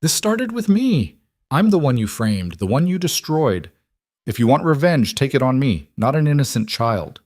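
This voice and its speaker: A man's voice: medium pitch, big pitch swings, normal speed, no room sound, voice pushed up, lightly acted. A man voicing a brave, resolute young woman. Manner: quiet, firm pleading.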